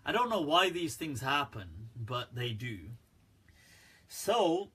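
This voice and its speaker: A man's voice: fairly high pitch, sing-song, takes it slowly, pushed and bright, husky. A man hosting a casual religious talk on a live stream, chatty, with many fillers and laughs at his own jokes. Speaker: Islamic scholar and live-stream host. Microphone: front-facing phone or webcam.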